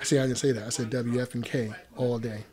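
A man's voice: medium pitch, flat delivery, fairly quick, darkish tone. A man working as a radio DJ and producer, coaching a guest through station drops in a studio with teasing, hype-man energy. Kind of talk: studio session directing a guest.

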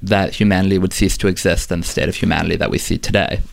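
Man voicing a smooth-talking guardian snake. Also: low-pitched, steady tone, fast talker, a little hiss or hum. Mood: calm, persuasive. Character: talking desert guardian snake, calm, persuasive.

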